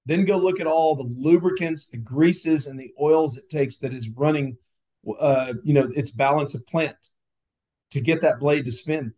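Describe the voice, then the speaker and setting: A man's voice: fairly high pitch, moderate pace, a little mellow. A man speaking as a podcast guest, emphatic and insistent, often repeating words as he builds his point. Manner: emphatic, repetitive, argumentative. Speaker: guest, nuclear industry advocate. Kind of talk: passionate interview talk.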